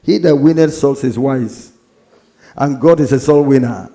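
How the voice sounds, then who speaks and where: A male pastor with a Nigerian English accent preaches a sermon, reading scripture slowly and with emphasis while acting out Bible stories. His voice is medium in pitch and warm.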